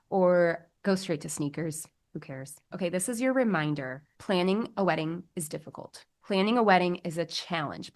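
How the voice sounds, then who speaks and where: A young woman hosting a solo podcast as a bridal alterations specialist, chatty and bubbly with gushing exclamations. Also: fairly low pitch.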